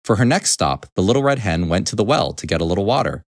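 A man reading a children's storybook aloud in an expressive, animated way. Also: fairly low pitch, quick pace, dry recording, studio quality.

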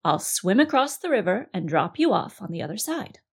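A woman voicing a huge, slow-witted male crocodile who sweet-talks in a storybook reading. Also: medium pitch, big pitch swings, creaky, husky, exaggerated voice. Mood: coaxing. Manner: sweet-talking, coaxing.

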